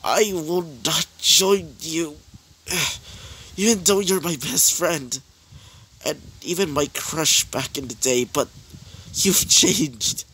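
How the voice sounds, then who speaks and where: A man's voice: on the high side, slow pace, sharp tone, a little hiss or hum, voice pushed up, rough recording. A man doing a torn young hero. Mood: torn refusal. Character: young male hero refusing his old friend, torn and sad.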